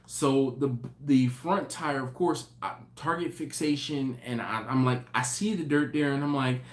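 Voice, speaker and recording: A man hosting a live stream, telling a story in an animated, rambling way with many restarts. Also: mid-range voice, a little slow, hardly any pauses. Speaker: host. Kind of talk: casual live-stream chat.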